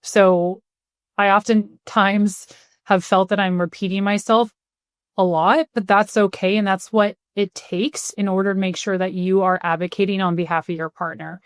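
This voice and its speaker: A woman's voice: mid-range voice, little pitch movement, normal speed, clean tone, no room sound, clean studio sound. A woman in her thirties, a podcast guest, speaking upbeat and laughing easily. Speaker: guest, partnerships leader. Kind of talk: conversational interview.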